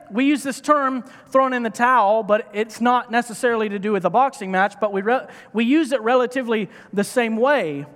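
A man's voice: high voice, fairly bright tone, long reverb tail. A man giving a sermon from a church stage, in a playful, joking manner. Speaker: preacher.

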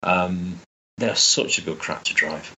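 Low-voiced, bright man. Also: takes it slowly, highs cut off, slight background noise. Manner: enthusiastic, rambling with restarts. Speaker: guest. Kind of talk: casual chat.

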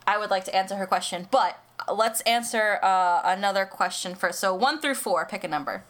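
A woman's voice: medium pitch, moderate pace, a bit bright. Young American woman, podcast co-host, chatty and giggly, many fillers and restarts. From United States. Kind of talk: casual podcast chat.

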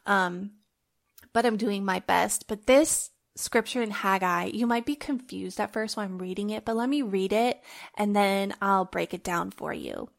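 A woman's voice: mid-range voice, a little slow, creaky. A woman hosting a faith-based podcast, talking in an earnest, heartfelt, conversational way and recording at home on her phone. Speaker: podcast host.

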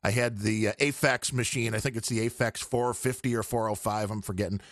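A man's voice: fairly low pitch, fairly even intonation, brisk, fairly bright tone, dry recording, clean studio sound. A man guesting on a podcast, chatting casually and rambling on about audio gear.

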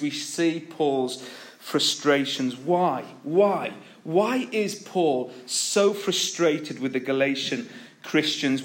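A man preaching an earnest, emphatic sermon, telling stories between his points. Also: sits high. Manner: earnest, emphatic, with storytelling asides.

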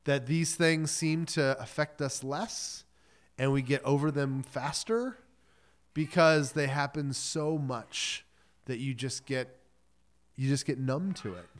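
A pastor with a mid-range voice delivers a sermon slowly, in the casual, joking manner of a storyteller who acts out the quotes.

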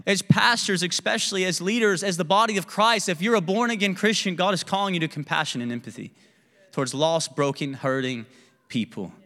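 Man, pastor, candid conversational sermon, sharp bright tone, church hall reverb. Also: high-pitched, brisk. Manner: candid, self-deprecating, conversational preaching. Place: church sanctuary.

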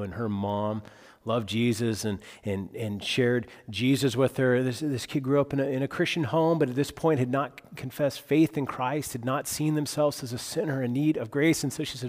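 A male pastor preaches a sermon with expressive delivery, quickening when he retells dialogue and dropping quiet for emphasis. His voice is mid-range at a moderate pace, heard in a large hall.

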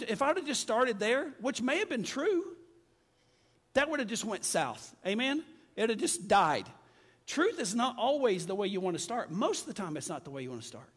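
A man's voice: extremely high pitch, big pitch swings, normal speed, fairly bright tone. A man preaching a sermon to a congregation, talking in a conversational way and calling out for amens. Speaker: pastor. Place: church sanctuary with congregation. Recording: long hall reverb with faint music.

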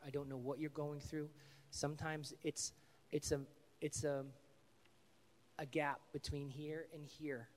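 A man's voice: mid-range voice, big-room sound. A male pastor giving an earnest, conversational sermon with an altar call, telling stories and praying in a church sanctuary.

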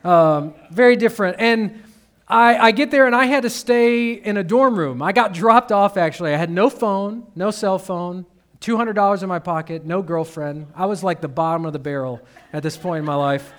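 A man's voice: high-pitched, moderate pace, a bit bright. A man from Detroit, Michigan, preaching a sermon as a pastor in a conversational storytelling way with humorous asides.

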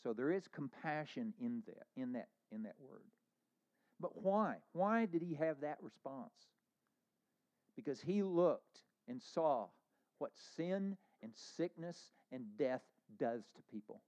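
A man preaching a sermon as pastor, earnest, moving between hushed lines and emphatic ones. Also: on the high side, animated, slow pace, dull audio.

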